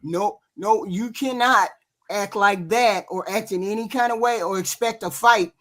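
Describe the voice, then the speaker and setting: A woman's voice: medium pitch, unhurried, a bit bright. Name: insistent podcast co-host woman. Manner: insistent, interrupts to finish her point. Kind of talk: heated casual panel debate.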